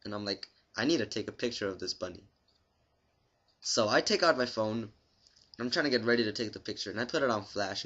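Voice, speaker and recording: A young man telling a long story to his camera in a rambling, profane, deadpan way. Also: on the low side, muffled recording. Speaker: vlogger.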